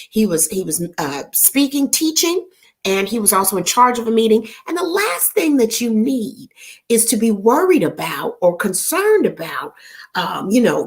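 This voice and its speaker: Animated higher-voiced woman telling a story. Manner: animated, chatty, jumps between asides. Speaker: host of an online gathering. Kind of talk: casual storytelling chat.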